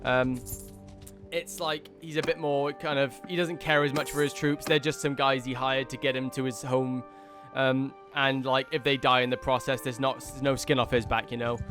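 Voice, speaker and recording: A man's voice: mid-range voice, moderate pace, over music. Rambling man narrating his gameplay. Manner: rambling, filler-heavy, easily excited. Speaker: gaming video host. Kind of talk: casual let's-play commentary.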